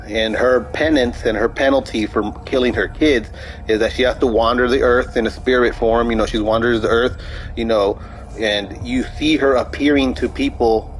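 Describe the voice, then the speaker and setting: A man's voice: medium pitch, steady tone, moderate pace, low-quality recording. A young man chatting casually over gameplay, telling a story in a rambling, profane way with many restarts. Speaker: gaming streamer.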